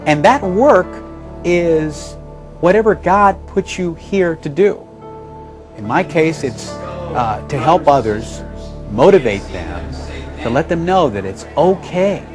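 A man with a fairly high, lively voice tells an inspirational story with heartfelt energy, swinging his pitch up and down as he acts out the people in it. Faint music plays softly underneath. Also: slow. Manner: animated, heartfelt storytelling with acted-out quotes. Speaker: radio host and motivational speaker.

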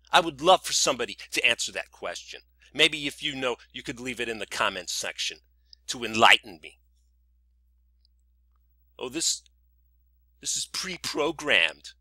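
A man's voice: medium pitch, sharp tone, no echo. A man delivering a sarcastic, indignant monologue to camera, full of rhetorical questions. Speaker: vlogger. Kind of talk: scripted ranting monologue.

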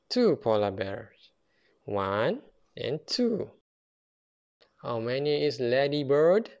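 Slow storybook reader for little kids, bouncy pitch, kinda muffled recording. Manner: slow, careful, non-native phrasing. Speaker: children's book reader. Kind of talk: reading a picture book aloud to toddlers.

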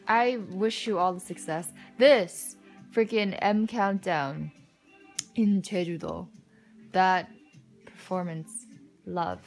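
A young woman talks through an unboxing in a relaxed, unhurried way, her pitch swinging widely between soft muttered asides and excited bursts. She gushes warmly over what she sees, and faint music plays underneath. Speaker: unboxing vlogger. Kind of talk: casual unboxing commentary.

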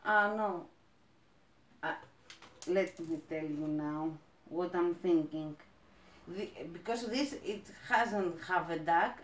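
Slow, gushing Greek-accented woman. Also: on the low side, reverberant. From Greece. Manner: enthusiastic, gushing, halting with fillers. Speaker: plant vlogger. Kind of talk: casual unboxing chat.

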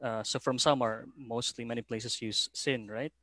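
A man's voice: medium pitch, steady tone, moderate pace, fairly bright tone, dry recording. A man moderating an online panel discussion over a video call, musing aloud and reading out audience comments. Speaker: forum moderator.

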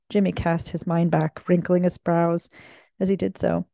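Low-voiced woman reading a novel aloud. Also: normal speed, creaky, no room sound. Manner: steady storytelling narration. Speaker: reader.

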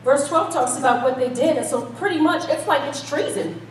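A woman's voice: sits high, a little fast, slight background noise. A woman preaching a casual, playful sermon, joking and laughing with the congregation. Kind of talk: conversational sermon. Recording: echoey church hall, mic at a distance.

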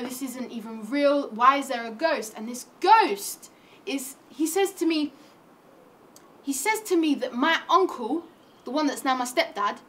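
High-voiced young woman telling a comic tale. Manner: animated storytelling with slangy asides. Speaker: comedic performer. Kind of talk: comic monologue retelling a classic play in modern slang.

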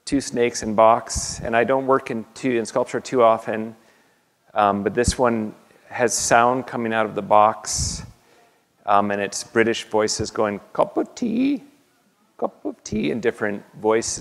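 A man, an artist, talking an audience through his slides in a halting way, with many fillers and restarts. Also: on the low side. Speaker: artist giving a lecture. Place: university lecture hall. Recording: long reverb of a lecture hall.

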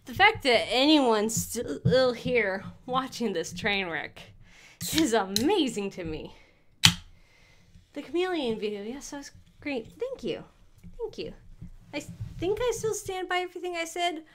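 Streamer, woman, high voice, slow unhurried delivery, rambling, keeps restarting her sentences. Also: sing-song, slight background noise. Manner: rambling, with frequent self-interruptions and restarts. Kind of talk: casual livestream chat.

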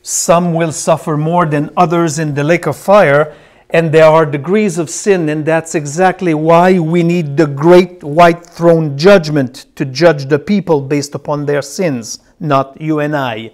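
A man's voice: a little high, fairly even intonation, a little slow, a little mellow. A man teaching a Bible class, who repeats key phrases and tells his students which words to circle as he reads.

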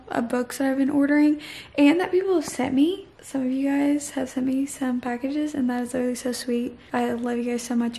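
Young woman, high-pitched, gravelly fry, tired, rambling book vlog chat. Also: warm tone. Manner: chatty, rambling, frequent "like" and "literally". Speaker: book vlogger. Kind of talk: casual late-night vlog chat.

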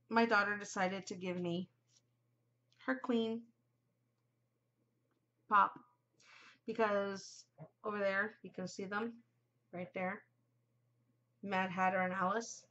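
A woman's voice: mid-range voice, fairly bright tone, dull audio. A middle-aged woman hosting a podcast, chatting casually and giggling, easily distracted. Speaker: podcast host. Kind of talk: casual chat to camera.

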